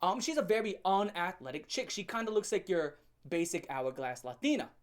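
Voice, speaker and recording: A man's voice: high voice, lively intonation, a little fast. Brief: young man, storytime vlogger, brash, crude, joking, rambles. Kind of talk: storytime rant.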